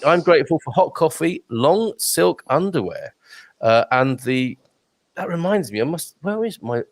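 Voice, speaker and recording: A man's voice: on the high side, very animated, unhurried, no room sound. A male host chatting casually on a live show, upbeat, with lots of fillers and restarts as he reads out viewer comments. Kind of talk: casual live-stream chat.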